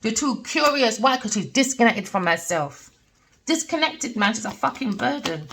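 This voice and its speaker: A middle-aged woman rants in a blunt, heated monologue, swearing freely. She reads tarot and talks straight at the listener. Her voice sits a little high for a woman. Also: animated, normal speed, a bit bright. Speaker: tarot reader. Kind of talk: ranting personal monologue.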